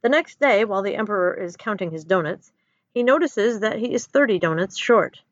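A woman narrating a children's story aloud in an expressive storytelling manner. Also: mid-range voice, a little fast, dry recording, muffled recording.

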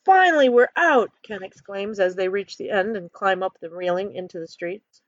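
A woman reading her own story aloud in an earnest, expressive way. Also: medium pitch, moderate pace, dry recording. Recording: dull lo-fi recording.

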